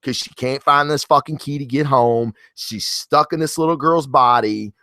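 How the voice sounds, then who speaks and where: A man's voice: medium pitch, normal speed, sharp tone, no room sound, clean studio sound. Rambling, profane comic reviewer guy. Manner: rambling, profane, enthusiastic, many restarts. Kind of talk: casual comic book review.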